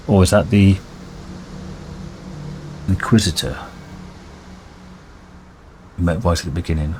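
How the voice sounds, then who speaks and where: A man's voice: sits low, slow, pauses often, darkish tone, slight background noise. A man hosting a let's play, musing aloud in casual commentary while reading game text.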